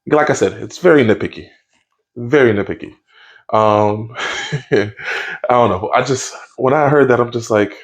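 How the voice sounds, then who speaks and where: A man's voice: on the low side, moderate pace. A man giving a casual spoken review of a TV episode, easygoing and rambling, with lots of fillers and restarts. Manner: rambling, with frequent fillers and self-corrections; easygoing and conversational.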